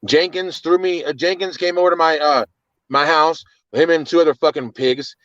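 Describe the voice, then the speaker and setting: A man's voice: on the high side, fairly even intonation, normal speed, fairly bright tone, no echo, dull audio. A man with children telling an agitated, cursing story of his arrest, often repeating words. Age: adult with children. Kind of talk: casual storytelling.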